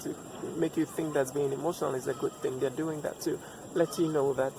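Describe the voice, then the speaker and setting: A man's voice: a little high, steady tone, a little fast. Reflective man musing over background noise. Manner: reflective, repeats lines for emphasis, asks rhetorical questions. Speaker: vlogger giving relationship advice. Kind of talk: personal advice monologue.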